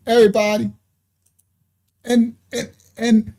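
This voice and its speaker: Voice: mid-range voice, lively intonation, measured pace, dark tone, husky. A commentator doing a livestream reaction to a video, mocking and laughing often, trailing off and restarting.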